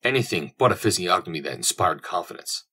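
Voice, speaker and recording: Deep husky male audiobook narrator. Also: expressive, bright, forceful tone. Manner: measured, descriptive storytelling.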